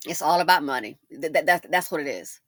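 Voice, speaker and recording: Bright, lively woman commentating. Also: low voice, fairly quick, no echo, studio quality. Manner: emphatic, rhetorical questions, repeats herself. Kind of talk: casual storytime commentary.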